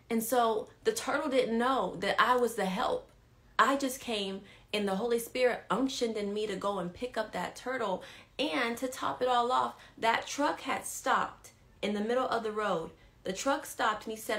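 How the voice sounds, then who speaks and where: A woman leads a live-stream devotional and tells her story straight to the viewers. She is animated and repeats key lines for emphasis. She often checks whether her audience is following along. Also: medium pitch, unhurried, creaky. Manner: talks straight to viewers, asks if they follow. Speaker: women's ministry leader.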